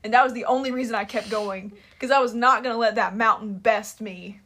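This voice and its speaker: A woman's voice: on the high side, a little fast. Bubbly young woman hosting a chat podcast. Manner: animated, laughs often. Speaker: podcast host. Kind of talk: casual chat.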